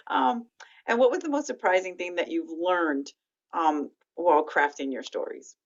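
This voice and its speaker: A woman's voice: lowish voice, unhurried. A woman interviewing an author for a library, asking rambling, hesitant questions full of ums. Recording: dull lo-fi sound.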